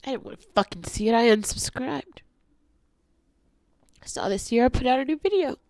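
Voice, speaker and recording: A woman vlogger in an angry confessional rant, heavy with swearing, swinging between hushed whispers and shouting. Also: sits high, lively intonation, normal speed, no echo.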